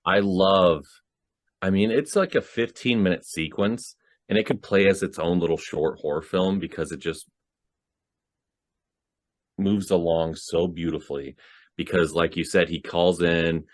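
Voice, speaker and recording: Deep-voiced man in casual movie chat. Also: normal speed, no echo. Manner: animated, acts out quoted lines. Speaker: podcast co-host.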